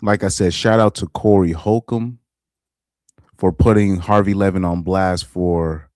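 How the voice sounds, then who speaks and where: A man's voice: deep voice, steady tone, measured pace, a little mellow, no echo, clean studio sound. A man casually commenting on a live stream, rambling and repeating himself. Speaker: live streamer reacting to videos.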